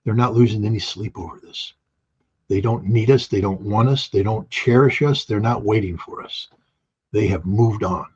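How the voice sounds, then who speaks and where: A man with a husky, slightly rough voice argues his points bluntly in an interview, swinging between punchy emphasis and quick asides. The audio is dull and lo-fi, as if the highs were shaved off. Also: darkish tone. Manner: emphatic, blunt, rhetorical questions. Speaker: guest commentator. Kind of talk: opinionated interview talk.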